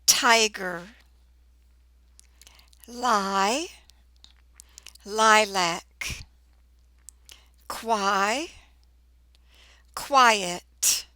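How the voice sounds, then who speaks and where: A woman teaching a phonics lesson to children, sounding out words slowly and clearly. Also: on the high side, sharp tone, dry recording. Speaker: reading teacher.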